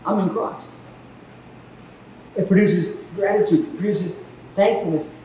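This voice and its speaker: High-voiced pastor preaching in an echoey hall. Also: male voice, unhurried, pauses often. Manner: animated storytelling, acting out quoted exchanges. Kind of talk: sermon. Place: church hall. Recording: echoey hall from far off, faint noise.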